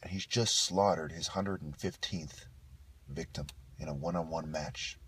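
A man's voice: rumbling low, measured pace, a little hiss or hum. A man delivering a profane, scornful rant to camera and breaking into bursts of laughter. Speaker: video blogger. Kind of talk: ranting monologue to camera.

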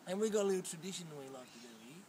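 A man's voice: high-pitched, expressive, very fast, dark tone. A young Australian man with a broad accent, playing a boastful, slang-heavy bogan in a comic vlog. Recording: distant camera audio with background noise.

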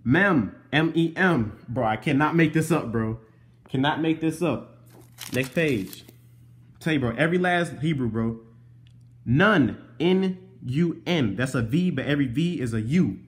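A young man in a casual show-and-tell vlog, explaining letters from his notes, spelling them out slowly and calling the listener bro. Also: fairly high pitch, lively intonation. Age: young adult. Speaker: vlogger teaching Hebrew letters.

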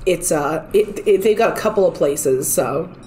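A woman's voice: lowish voice, expressive, normal speed, a little mellow. A woman streaming a cozy game while sick with a cold, chatting in a rambling, easygoing way and cooing at the cats on screen. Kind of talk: casual gameplay chat. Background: faint game music.

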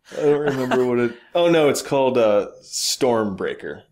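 A man's voice: mid-range voice, expressive, takes it slowly, a little mellow. A man co-hosting a podcast, chatting casually about games and movies with blunt, opinionated remarks and casual swearing. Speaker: podcast co-host.

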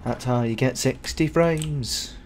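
A man's voice: medium pitch, slow, a little hiss or hum. A man streaming a game and commenting casually, crude and joking, with frequent silly voices.

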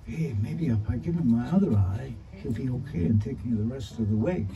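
A man's voice: medium pitch, lively intonation, fairly quick, creaky, far from the mic, lo-fi sound, over music. A man voicing a small, eager male mouse who talks earnestly and a bit anxiously.

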